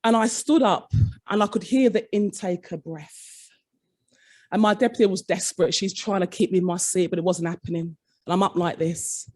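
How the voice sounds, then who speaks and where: A woman's voice: medium pitch, normal speed. A middle-aged woman, a former head teacher giving a conference keynote, telling a story and acting out the voices of her staff. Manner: dramatic, acts out quoted staff in shifting voices. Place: conference hall.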